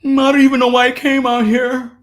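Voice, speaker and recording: A man's voice: extremely high pitch, completely flat delivery, moderate pace. A man voicing a shy, embarrassed overweight girl at a prom who mumbles self-pityingly. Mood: sulky.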